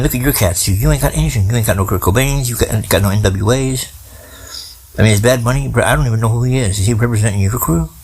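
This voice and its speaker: A man's voice: lowish voice, gravelly, husky. A man in his forties delivering a profane, rambling political rant in casual streetwise slang. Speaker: commentator.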